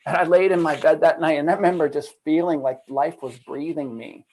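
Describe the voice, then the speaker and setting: A man, a guest on a video call, telling a personal story in a lively, casual way full of "like" and acted-out quotes. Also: a little high, fairly quick, low-quality recording. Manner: animated storyteller, acts out quoted voices, many "like" fillers. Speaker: guest, trauma and addiction coach. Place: home room at a computer.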